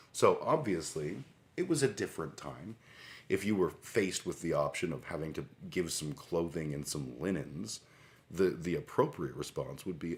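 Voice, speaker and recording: Deep-voiced sarcastic man hosting a stream. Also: lively intonation, unhurried. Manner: sarcastic, irreverent, rambling. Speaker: livestream host. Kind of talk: casual commentary reading scripture aloud.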